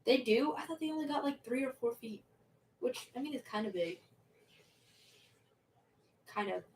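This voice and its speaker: A woman's voice: high-pitched, expressive, normal speed, distant mic, a little hiss or hum, rough recording. Rambling young woman chatting on a livestream. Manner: rambling, self-interrupting, giggly. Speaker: livestream host. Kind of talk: casual chat reading viewer questions.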